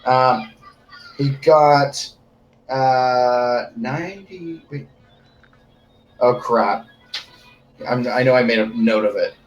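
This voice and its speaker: A man talking about his tabletop games in an eager, rambling way. His voice sits at an ordinary pitch. A faint hiss runs underneath. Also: slow pace, long pauses, echoey room, lo-fi sound. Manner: excitable, rambling, laughs often. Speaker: game master. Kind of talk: casual chat with game designers.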